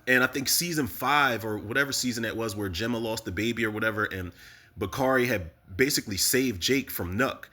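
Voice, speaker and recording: A man casually recapping a TV episode, animated and profane, talking straight to his viewers. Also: mid-range voice, fairly quick. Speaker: TV recap host.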